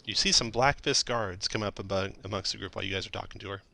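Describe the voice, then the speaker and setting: A man acting as dungeon master, narrating scenes and explaining rules in a relaxed way with occasional fillers. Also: fairly low pitch, fast, vocal fry, no room sound. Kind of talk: narrating a tabletop game.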